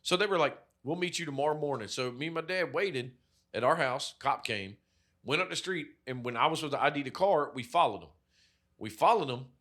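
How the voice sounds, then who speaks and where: A man with a fairly high voice tells a story as a podcast co-host. He talks loosely and with a lot of swearing, and he acts out each person in the story as he goes. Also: fairly quick. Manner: animated, profane storytelling with acted-out quotes. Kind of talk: casual chat, storytelling.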